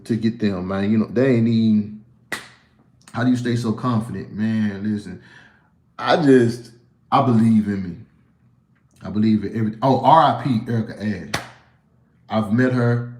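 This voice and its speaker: Casting note: mid-pitched Southern man, casual livestream Q&A, loose and cussing, plenty of restarts, echoey room. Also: moderate pace, pauses often, darkish tone. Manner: blunt, profane, rambling with frequent restarts. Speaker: comedian answering viewer questions.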